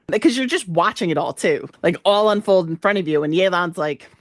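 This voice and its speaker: A woman's voice: on the low side, moderate pace, no room sound, clean studio sound. A woman co-hosting a podcast, chatting casually and retelling a game story, laughing often and acting out the lines. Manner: animated, laughs often, acts out quotes. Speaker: podcast co-host.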